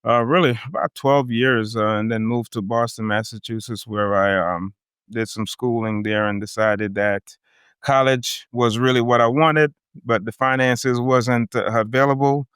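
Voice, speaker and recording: A man's voice: mid-range voice, steady tone, moderate pace, fairly bright tone, smooth, dry recording, clean studio sound. A man in his fifties from Jamaica with a light Jamaican accent, an easygoing podcast guest who laughs often. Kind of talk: casual interview chat.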